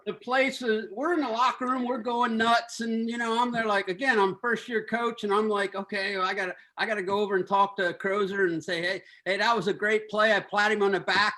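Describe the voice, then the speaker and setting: A man's voice: high voice, flat delivery, a little fast, hardly any pauses, pushed and bright. A man, a former assistant coach, retelling old team stories with laughter and restarts. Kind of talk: casual storytelling chat.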